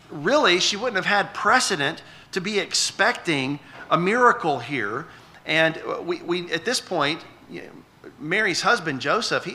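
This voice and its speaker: A man's voice: on the high side, bright, forceful tone. A middle-aged man preaching a sermon in a conversational way, often restarting words and asking the congregation questions. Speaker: pastor.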